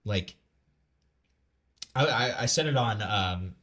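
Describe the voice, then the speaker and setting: A man reacting live on stream in a casual, rambling way. His voice sits a little low, and he stammers through restarts and fillers. He talks bluntly and swears freely. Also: animated, slow, a bit bright. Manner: blunt and profane.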